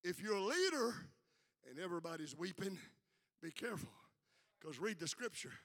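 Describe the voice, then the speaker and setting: An older man preaches with a very high, bright, cutting voice. He moves from quiet, personal asides to shouted peaks and calls for answers from the room. The sound carries a long reverb. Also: sing-song, moderate pace. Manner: fiery call-and-response preaching with shouted peaks. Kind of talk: sermon. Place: church sanctuary with congregation. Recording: live hall with long reverb.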